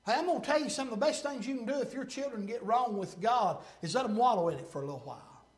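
A middle-aged man preaching a sermon, telling folksy stories and building to fervent, shouted points. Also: extremely high pitch, animated, fast. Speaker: pastor.

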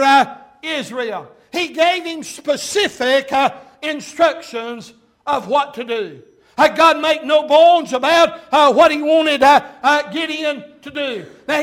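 Preacher, man with a very high voice, fervent delivery with frequent hesitations and bursts of shouting. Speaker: pastor. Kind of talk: sermon.

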